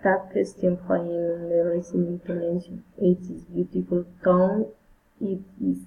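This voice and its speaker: A woman reading English pronunciation drills aloud, word by word, carefully and haltingly, often repeating words. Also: on the low side, level tone, gravelly, warm tone. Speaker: English learner. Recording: tinny phone-like recording.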